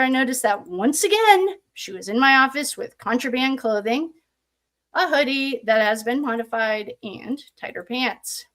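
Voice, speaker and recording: A woman with a slightly high voice reads through official records aloud in a casual, thinking-aloud way. She keeps stopping to toss in sarcastic remarks of her own. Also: lively intonation, a little slow, a bit bright. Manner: sarcastic asides, thinking aloud while reading. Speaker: true crime commentator. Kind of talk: casual commentary reading documents aloud.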